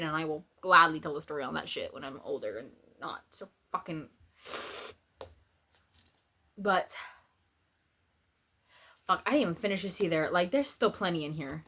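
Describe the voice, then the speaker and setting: A woman's voice: low voice, moderate pace, long pauses, pushed and bright. A young woman vlogging, rambling and swearing casually as she eats spicy noodles, her mouth still burning. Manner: rambling, swears a lot, restarts often. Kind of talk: casual rant while eating.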